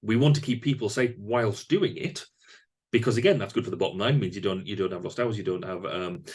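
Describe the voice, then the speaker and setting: A man's voice: fairly low pitch, fairly quick, darkish tone, slightly rough. A man hosting a podcast interview, talking thoughtfully with frequent fillers and restarts. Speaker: podcast host. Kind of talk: conversational interview.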